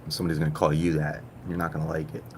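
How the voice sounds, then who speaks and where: A man in his thirties from Puerto Rico, chatting and joking with viewers on a live stream, jumping from loud outbursts to low mutters. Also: level tone, very fast, a little hiss or hum. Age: 30s. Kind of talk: casual live-stream chat.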